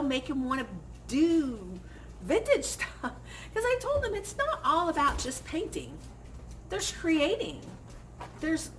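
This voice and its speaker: A woman's voice: fairly high pitch, fairly bright tone, slight background noise. A woman vlogger venting in casual chat, chatty and stressed, acting out quoted exchanges with little laughs. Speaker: vlogger and crafter.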